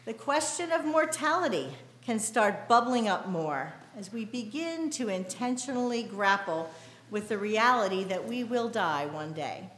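Slow, measured middle-aged American woman preaching. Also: fairly high pitch, sing-song, a bit bright, echoey room. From United States. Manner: measured, deliberate preaching delivery. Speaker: pastor. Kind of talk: sermon.

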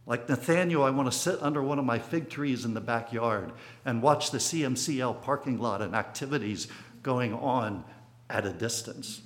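A man's voice: mid-range voice, moderate pace. A man in his sixties giving a sermon, telling a personal childhood story in a reflective way, with sudden bursts of emphasis. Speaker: preacher.

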